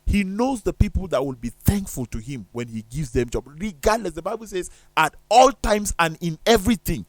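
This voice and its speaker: A man's voice: sits high, animated, normal speed, no echo. A man talking on a studio discussion show in an emphatic, preacherly way, firing off rhetorical questions.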